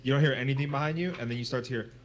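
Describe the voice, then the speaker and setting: A man's voice: medium pitch, fairly even intonation, racing, slight background noise. A man playing a tabletop game, repeating and restarting words as he describes what his character does. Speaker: player. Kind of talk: casual tabletop game chat.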